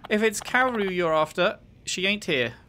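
A man's voice: high voice, expressive, normal speed, pushed and bright, slight background noise, pitched above the performer's own voice. A man voicing a sassy middle-aged female bar hostess in a drawling, teasing way, reading game dialogue aloud.

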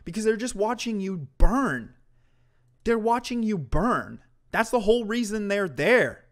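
A man's voice: high-pitched, expressive, a little slow. A man streaming commentary to his chat, ranting in a heated, mocking way with heavy swearing.

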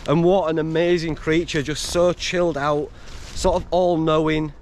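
A man's voice: fairly high pitch, level tone, normal speed, a little mellow, a little hiss or hum. A man vlogging casually outdoors in the woods, talking to his dog, enthusiastic and swearing now and then. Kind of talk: casual outdoor vlog talk.

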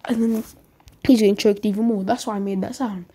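A young woman casually retelling a fan-fiction story as a YouTuber, rambling in a soft, whispery way. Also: mid-range voice, fairly even intonation, brisk, a little hiss or hum.

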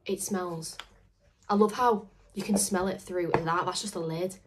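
Her voice is lowish and fairly even in intonation, her pace measured, as this young woman rambles casually to camera with lots of "like" and "literally." The vlog moves from an outdoor dog walk to indoors at home, with background noise throughout.

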